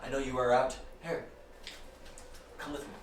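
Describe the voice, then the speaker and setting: A man voicing a young, haughty high elf lieutenant who talks down to the people around him. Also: flat delivery, moderate pace, lightly acted. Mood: smug. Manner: condescending, smooth-talking. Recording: echoey room, distant mic, noisy.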